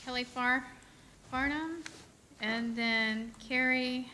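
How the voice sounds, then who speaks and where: A woman chairs a public meeting, politely thanking speakers and calling the next names. She speaks slowly in a bright, higher voice, with faint room noise around her. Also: fairly even intonation. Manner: brief, polite, unhurried.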